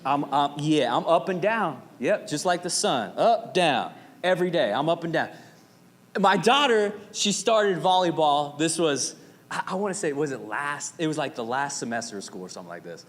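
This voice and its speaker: A man in his thirties from Arizona, preaching a sermon as pastor with animated, dramatic storytelling and playful asides. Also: fairly high pitch, normal speed. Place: church sanctuary. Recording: reverberant hall with faint noise.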